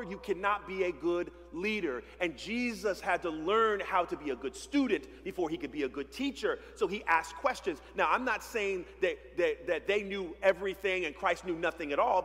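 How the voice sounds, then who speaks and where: A man's voice: high-pitched, a bit bright. A male pastor preaching a sermon in a conversational way, full of rhetorical questions and playful asides, in a church sanctuary. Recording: long reverb of a church sanctuary.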